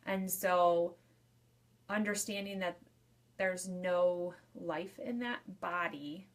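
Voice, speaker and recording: A woman's voice: fairly low pitch, slow. Young woman funeral director, casual live-video advice, repeats points in loose lists. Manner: chatty and repetitive, restating points in loose lists.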